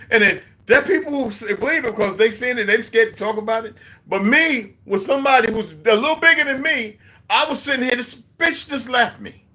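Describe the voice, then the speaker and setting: Guy in his 40s ranting on his channel, bright pushy voice, swears a ton, preachy. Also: high-pitched. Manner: profane, animated and preachy. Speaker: video host. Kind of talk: rambling monologue.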